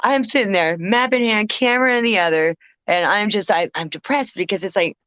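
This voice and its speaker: Animated woman guest rambling through a story, swears, restarts a lot, dry slightly dull sound. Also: mid-range voice, brisk, clean tone, dry recording. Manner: animated, swearing, self-interrupting. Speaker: guest vocalist. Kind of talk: casual podcast storytelling.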